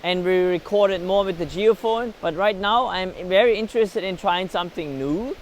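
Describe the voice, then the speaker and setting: A man's voice: sits high, moderate pace, slight background noise. A man vlogging outdoors by a river, explaining each step of his recording test as he goes. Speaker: vlogger testing recording gear. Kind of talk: casual outdoor field-recording vlog. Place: outdoors by a river shore with waves.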